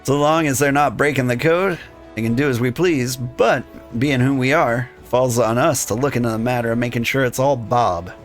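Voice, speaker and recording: A man reading a gruff male rogue guild thief who talks in conspiratorial thieves' slang. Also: mid-range voice, normal speed, faint music behind, close to an everyday voice. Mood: scheming.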